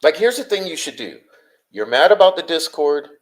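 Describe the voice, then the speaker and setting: A man hosting a livestream, answering his chat in an exasperated, confrontational rant full of swearing and rapid-fire rhetorical questions. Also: a little high, big pitch swings. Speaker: livestream host.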